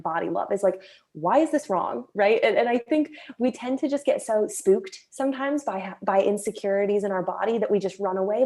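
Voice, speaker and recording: A young woman chats as a guest over a video call, her mid-range voice loose and full of "like"s. She slips into quick mimicry of her own inner thoughts as she talks. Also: mid-range voice, a little mellow. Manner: chatty, many filler "like"s, acts out her inner voice. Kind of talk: casual chat.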